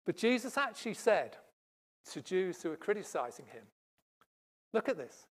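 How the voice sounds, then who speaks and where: Preacher, sermon, emphatic, loud stresses and hushed asides, church service. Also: mid-range voice, sing-song, moderate pace.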